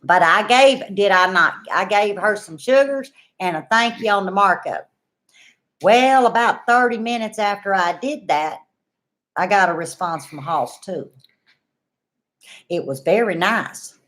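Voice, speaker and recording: A middle-aged woman with a Southern US accent, telling a homestead story to her viewers in a folksy, animated way. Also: medium pitch, unhurried. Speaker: homestead vlogger.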